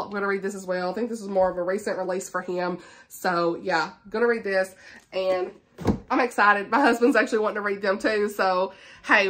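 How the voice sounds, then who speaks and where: A woman's voice: medium pitch, a bit bright. A woman, chatting enthusiastically about books to her viewers, laughing often. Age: 30s. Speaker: booktuber. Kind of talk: casual book chat to camera.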